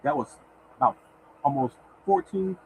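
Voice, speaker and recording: At normal speed, a man with a fairly high, narrow voice hosts a casual livestream of lottery picks. He repeats himself, exhorts listeners as "y'all," and sometimes thanks chat viewers by name. The audio is tinny, with a little hiss or hum.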